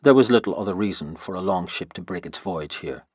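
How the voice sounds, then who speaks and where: Male audiobook narrator, low pitch, husky tone, dry close sound, measured first-person reading. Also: expressive, a little mellow, no echo. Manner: measured storytelling, voicing every character himself.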